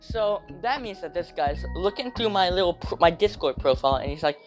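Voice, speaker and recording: A young man telling a rambling, slangy storytime rant, hopping into quick voices for quotes. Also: high-pitched, lively intonation, faint music behind.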